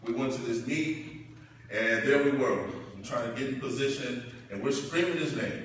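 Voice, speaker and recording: A middle-aged man giving a parent's graduation speech, telling personal stories in a preacher-like way that swells loud and high as he builds up. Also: moderate pace, a little hiss or hum. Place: large hall or church. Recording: echoey hall, distant mic.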